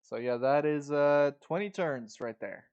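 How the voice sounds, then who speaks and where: A man co-commentating a live sim racing session, easygoing and quick to react, with plenty of fillers. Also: a little high, a little mellow, clear, resonant tone, dull audio.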